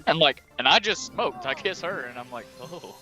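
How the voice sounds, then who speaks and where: A man's voice: on the high side, expressive, moderate pace, bright, forceful tone, faint music behind. A man hosting a gaming stream, telling crude stories in casual chat and laughing often. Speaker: streamer host.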